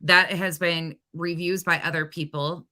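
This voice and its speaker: A woman's voice: lowish voice, fairly even intonation, a little slow, pushed and bright. A woman on a livestream, chatting casually about clothing sizes while keeping up with comments. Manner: chatty sales talk, reading comments.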